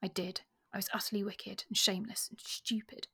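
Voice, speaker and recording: A remorseful young woman speaks tenderly, close to tears, as a woman reads her aloud. The voice is soft and breathy, kept low and hushed. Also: flat delivery, brisk, in a whisper, exaggerated voice.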